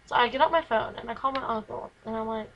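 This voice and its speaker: Teen girl vlogger, rambling chatter into the camera mic in her bedroom, slightly high voice, faint hiss. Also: quick pace, gravelly, highs cut off. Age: teens. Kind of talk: casual chat to camera.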